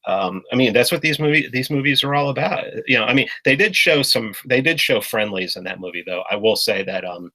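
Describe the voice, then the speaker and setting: A man's voice: mid-range voice, animated, a little fast, few pauses, bright, forceful tone, poor audio. A man in a casual political discussion, talking bluntly and swearing often, with many restarts. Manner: blunt and profane, with frequent restarts. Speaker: podcast guest.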